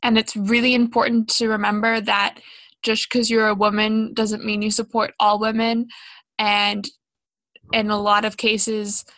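A woman's voice: mid-range voice, flat delivery, a little slow, a bit bright, no room sound. A young woman co-hosting a casual educational podcast, chatty and self-deprecating, with plenty of ums and likes. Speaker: podcast co-host.

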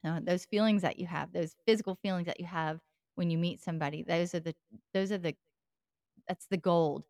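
A woman's voice: lowish voice, steady tone, brisk, darkish tone, no room sound, studio quality. A woman podcast co-host and life coach, talking in a reflective, coaching way and laughing easily. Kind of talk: casual podcast chat.

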